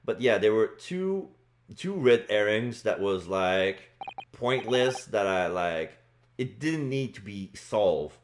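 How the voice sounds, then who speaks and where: A man's voice: medium pitch, animated, slow, darkish tone, a little hiss or hum. Guy streaming a game, chatty and rambling, voice goes up and down a lot. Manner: casual, lots of fillers and restarts. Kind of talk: live gameplay commentary.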